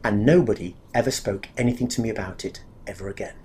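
A man's voice: on the low side, quick pace, warm tone, a little hiss or hum. A man giving a candid, confessional spoken testimony about his own life, speaking earnestly and acting out remembered dialogue.

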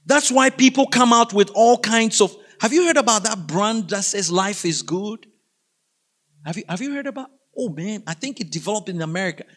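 A man preaching a sermon, reading scripture slowly and with emphasis and calling on the congregation to repeat after him. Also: high voice, fairly bright tone.

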